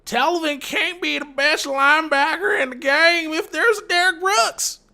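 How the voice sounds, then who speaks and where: A man's voice: very high voice, a little slow, creaky, sharp tone, voice pushed up, full character voice. A man putting on an exaggerated meme voice to mock a commenter, with a sing-song delivery and a put-on accent. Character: mocking male commenter in a meme voice.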